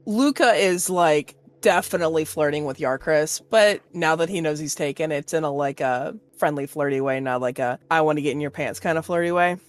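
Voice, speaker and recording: A woman's voice: sits low, moderate pace, few pauses. A woman narrating a tabletop game as game master, chatty and full of fillers.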